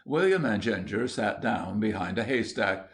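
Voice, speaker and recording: A man reading a children's audiobook aloud in a steady, measured narration. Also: lowish voice. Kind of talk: scripted storybook narration.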